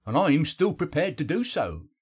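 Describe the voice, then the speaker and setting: Merlin, a man doing a curt sharp-tongued wizard. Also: on the high side, wildly swooping pitch, moderate pace, husky, voice pushed up, exaggerated voice. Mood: snappish. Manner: curt, snappish. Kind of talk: audiobook character voice.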